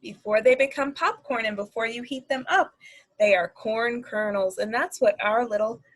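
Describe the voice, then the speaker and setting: A woman speech therapist reading a picture book aloud to preschoolers, animated and sing-song, making animal sounds. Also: on the high side, normal speed, poor audio. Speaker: speech-language pathologist. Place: at home.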